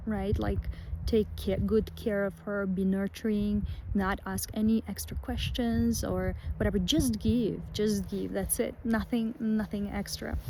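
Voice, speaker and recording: A woman vlogs outdoors among pine trees, rambling warmly through fillers and restarts. Her voice is mellow and mid-pitched. A faint hiss of outdoor noise runs underneath. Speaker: vlogger. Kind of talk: casual spiritual vlog.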